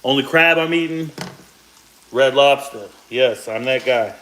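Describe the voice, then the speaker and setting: A man's voice: mid-range voice, measured pace, fairly bright tone, poor audio. A man in his forties chatting casually to viewers while he cooks, rambling through asides, with a slight cough from a sore throat. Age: 40s. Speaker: cooking vlogger. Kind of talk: casual cooking chat to viewers. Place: home kitchen, cooking at the stove. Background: faint sizzle of frying food.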